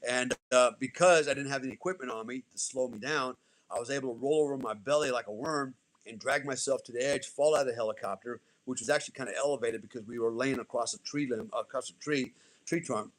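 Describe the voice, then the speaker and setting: A man, telling a podcast host a war story in a blunt, profane, everyday way. His voice sits at a middle pitch, and the delivery stays casual and direct. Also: fast, poor audio. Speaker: podcast guest, former special forces soldier.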